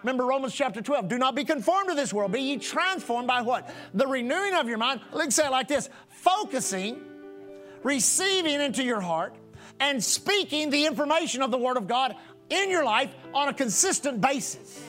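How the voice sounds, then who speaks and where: A man's voice: extremely high pitch, animated, moderate pace, a bit bright, faint music behind. A man preaching a sermon as pastor, repeating phrases in a rhythmic cadence for emphasis.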